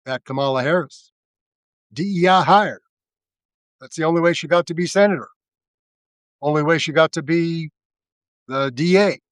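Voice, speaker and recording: A scornful right-wing Southern man, as a man mimics him, in a put-on US Southern drawl that is deliberately overdone. The voice jumps well above the speaker's usual pitch and gets louder, with a sneering, mocking edge. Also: no room sound, natural voice.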